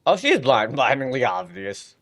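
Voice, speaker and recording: Lively, excitable male game streamer. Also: mid-range voice, normal speed. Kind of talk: live gameplay commentary.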